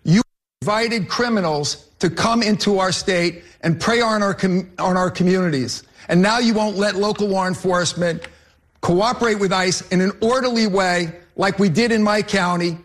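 A man's voice: high voice, normal speed, a bit bright. A man arguing as a candidate in a political debate, combative and repeatedly addressing his opponent. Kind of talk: debate argument.

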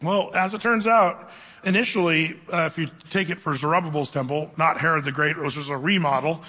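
A man delivers a lively, conversational sermon in a fairly high, bright voice. His words carry a long reverb from the hall around him, and he slows down deliberately when reading scripture. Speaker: pastor. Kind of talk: sermon Bible teaching.

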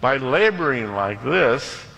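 Emphatic preaching man, bright voice. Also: mid-range voice, sing-song, creaky. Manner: emphatic, dramatic slowdowns, quick asides. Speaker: pastor. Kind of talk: sermon. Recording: long hall reverb.

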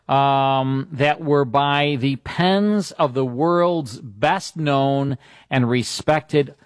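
A man introduces an old radio broadcast in a loose, easygoing way. He pauses with fillers as he goes. The sound is dry and close. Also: medium pitch, dry recording. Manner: relaxed, with fillers. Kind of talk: casual introduction.

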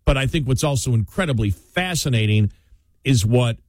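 A man's voice: mid-range voice, expressive, moderate pace, darkish tone, no echo, clean studio sound. A man hosting a political talk radio show, rambling with many restarts and fillers in an incredulous tone.

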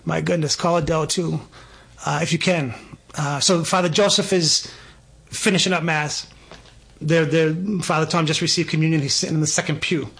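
A man's voice: a little high, moderate pace, creaky, breathy edge. Earnest middle-aged man telling a story. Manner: earnest and emphatic, animated when quoting people. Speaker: interview guest telling a personal story. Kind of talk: casual storytelling in a conversation.

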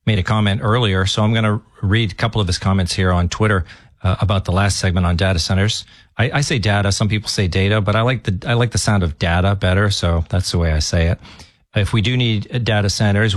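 A man's voice: fairly low pitch, no echo, studio quality. A man guest-hosting a talk radio show, rambling and correcting himself as he reads listener comments. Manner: rambling, self-correcting, folksy.

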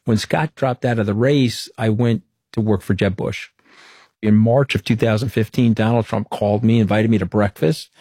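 As an interview guest, a middle-aged man tells stories in conversation, vividly acting out whatever dialogue he quotes. His voice is on the low side and slightly rough, his pace normal, and the studio-quality recording has no echo.

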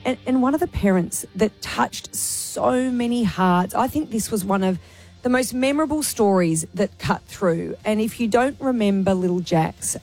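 A woman's voice: medium pitch, darkish tone. A woman with an Australian accent hosting a radio show, making an earnest, emotional appeal to listeners. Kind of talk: talk radio chat.

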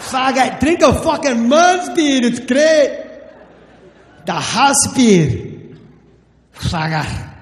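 A man doing a drunk, belligerent Scottish bartender, loud and slurred, with a Scottish accent, in a stand-up routine. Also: very high voice, animated, very slow, pauses often, pitched above the performer's own voice, exaggerated voice. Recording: reverberant live stage with faint audience.

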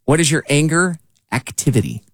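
A man's voice: fairly high pitch, lively intonation, normal speed, no room sound. A man co-hosting a morning radio show, asking questions in an easygoing, teasing way. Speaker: radio co-host. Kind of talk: casual morning radio chat.

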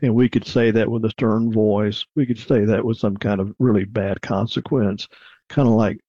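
An older man, a counselor, answering in a calm, measured radio interview. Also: lowish voice, breathy edge, no echo, lo-fi sound. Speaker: counselor guest.

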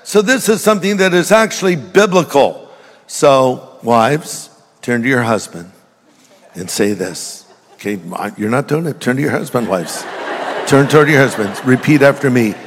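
A man's voice: medium pitch, animated, moderate pace, slightly rough. An older man preaching a sermon, folksy and joking as he tells stories. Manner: folksy storytelling with jokes. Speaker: pastor. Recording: reverberant hall.

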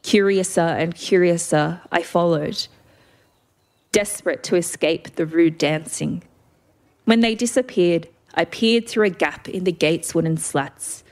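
A woman's voice: fairly low pitch, measured pace, a little mellow. A woman reading a first-person story aloud with vivid expression.

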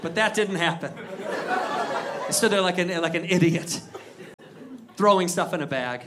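A man telling a story in a stand-up set, animated, with loud punchlines. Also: high-pitched, normal speed. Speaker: stand-up comedian. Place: comedy club with live audience. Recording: crowd laughter and noise.

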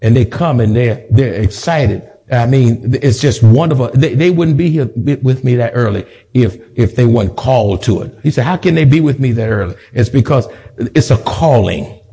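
A man's voice: mid-range voice, expressive, moderate pace, warm tone. A male pastor preaching a sermon, building emphatic repetitions and slipping in humorous asides. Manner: rhythmic repetition, rising to emphatic peaks. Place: church sanctuary.

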